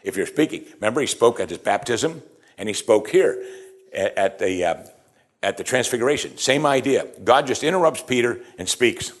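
A man preaching a sermon, animated, acting out the quoted lines and chuckling as he explains. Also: medium pitch, moderate pace.

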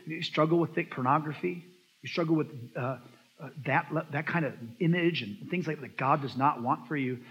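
Lively pastor in an echoing hall. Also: male voice, sits high, breathy edge. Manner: animated storytelling, acts out quoted voices. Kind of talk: sermon. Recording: dull lo-fi sound in a long-echo hall.

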